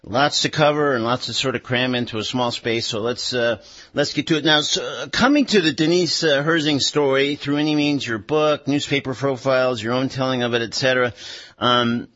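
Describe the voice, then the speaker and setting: A man hosting a radio talk show, speaking in a measured way with frequent hesitations. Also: medium pitch, fairly bright tone, highs cut off.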